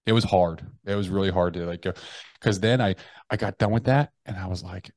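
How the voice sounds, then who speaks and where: Brief: American man, podcast guest, lowish voice, candid and profane storyteller, dry close sound. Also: brisk, darkish tone, no room sound. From United States. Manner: frank, profane, restarts sentences often; acts out his own inner voices.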